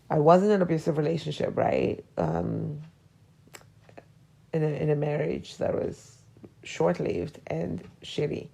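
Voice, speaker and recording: A woman in her forties hosts a podcast, talking through personal memories in a hesitant, reflective manner that sometimes falls to a whisper. Her voice sits low, with vocal fry and a mellow tone.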